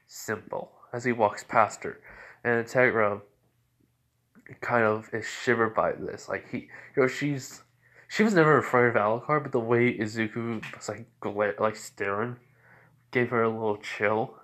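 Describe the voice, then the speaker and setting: A man's voice: mid-range voice, fairly even intonation, moderate pace, fairly bright tone. A man casually narrating a made-up fan story, rambling, with lots of fillers and self-corrections.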